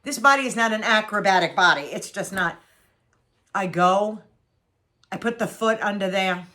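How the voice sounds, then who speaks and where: A woman's voice: mid-range voice, moderate pace, bright, forceful tone. A woman in her sixties telling a home story to her viewers in a chatty, sarcastic way, repeating phrases for effect. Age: 60s. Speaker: vlogger. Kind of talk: casual storytelling to camera.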